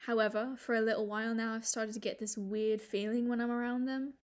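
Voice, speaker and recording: A woman reading the part of a nervous, confused young man in love, in a halting way, from fan fiction. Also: a little high, level tone, lightly acted. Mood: hesitant.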